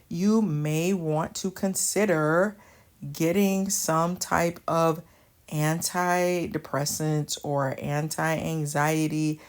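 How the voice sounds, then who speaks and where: Slow, low-pitched woman giving advice. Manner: earnest, plainspoken, coaching directly. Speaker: channel host giving advice. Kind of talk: direct-to-camera advice talk.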